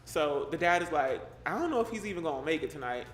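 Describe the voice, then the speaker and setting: Animated young man reading scary stories. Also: fairly high pitch, fast. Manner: animated, slangy and joking, breaks off to react to chat. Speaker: live streamer reading a horror story. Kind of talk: story reading mixed with casual chat to live viewers. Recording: roomy echo with faint background noise.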